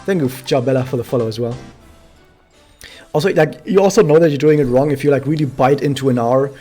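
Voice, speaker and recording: A man's voice: medium pitch, quick pace, dark tone, faint music behind. A man streaming a game, chatting casually to his viewers and explaining things with many fillers. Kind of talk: casual gameplay commentary to chat.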